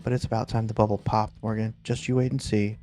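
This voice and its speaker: A man's voice: on the low side, level tone, quick pace, mellow, faint music behind, natural voice. A man voicing a sleazy, arrogant ex-rocker rival who speaks in a sneering way.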